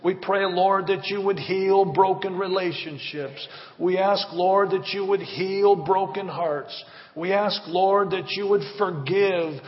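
A man's voice: high-pitched, steady tone, takes it slowly, faint music behind. A man preaching and praying as a pastor, fervent and rhythmic, with repeated appeals. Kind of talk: sermon with prayer. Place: church hall. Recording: reverberant, dull church recording.

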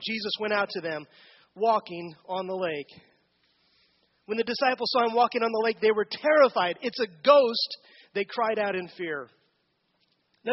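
A man's voice: sits high, dull audio. A man giving a conversational sermon as a pastor, asking the congregation questions during a church service.

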